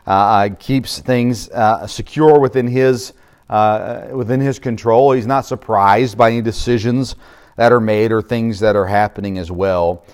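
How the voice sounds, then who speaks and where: A man's voice: lowish voice, measured pace, a little mellow, clean tone. A middle-aged man, a pastor, preaching a sermon in a conversational way, with frequent fillers and restarts.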